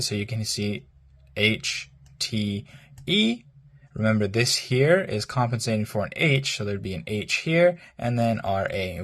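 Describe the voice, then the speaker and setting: Man, language teacher, slow and halting, husky low voice, breaks words down patiently. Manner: hesitant, many ums and restarts, repeats phrases slowly. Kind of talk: explaining a language lesson.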